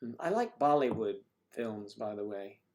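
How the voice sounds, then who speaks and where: A man's voice: on the low side, animated, moderate pace, darkish tone. A man hosting a casual livestream chat with viewers, rambling and joking with lots of fillers.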